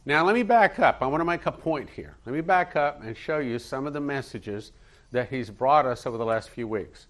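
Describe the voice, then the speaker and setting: A pastor preaching a sermon and praying in church, earnest, leading the congregation to repeat lines after him. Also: male voice, mid-range voice, normal speed. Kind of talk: sermon with prayer.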